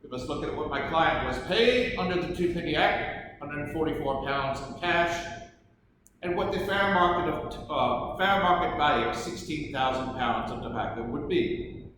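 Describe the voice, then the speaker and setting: An actor playing a theatrical colonial lawyer with an Irish accent, questioning witnesses in a live courtroom reenactment. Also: male voice, fairly high pitch, lively intonation, moderate pace, close to an everyday voice. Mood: showy. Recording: echoey hall, distant mic, background noise.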